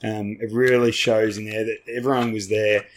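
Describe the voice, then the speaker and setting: An Australian man, an army veteran and podcast guest, telling a story in a rambling, animated way with lots of ums, restarts and casual swearing. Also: lowish voice, normal speed, a little hiss or hum.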